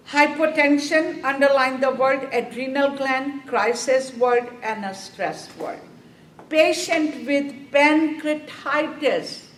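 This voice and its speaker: A slow-spoken woman, lecturing a nursing review class. She keeps asking her students questions and answering them herself, pressing each point home. She is recorded from across an echoey classroom, with faint room noise behind her. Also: high-pitched, far from the mic. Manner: quizzing students with repeated questions, slow and emphatic. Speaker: nursing exam instructor.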